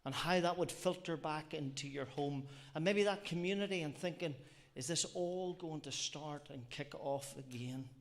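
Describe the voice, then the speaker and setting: A man's voice: fairly high pitch, normal speed, few pauses. A man preaching a sermon, earnest and reflective, often repeating phrases and asking rhetorical questions. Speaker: lay preacher.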